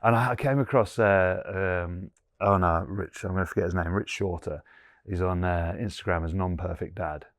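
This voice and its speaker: A man's voice: low voice, steady tone, moderate pace, dry recording, clean studio sound. A man in his forties, a guest in an interview, talking earnestly and thinking aloud with many fillers. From England. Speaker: guest, former rugby player. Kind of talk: reflective interview conversation.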